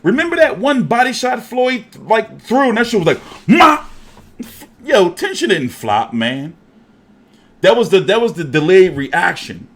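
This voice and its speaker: A man hosting a casual boxing show, talking in an animated, profane, jokey way. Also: high-pitched, normal speed.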